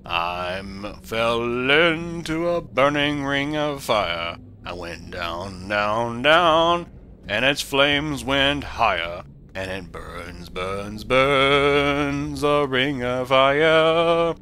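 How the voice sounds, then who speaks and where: A man putting on a slow, solemn country crooner voice as a joke. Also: medium pitch, animated, sharp tone, a little hiss or hum, exaggerated voice. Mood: crooning.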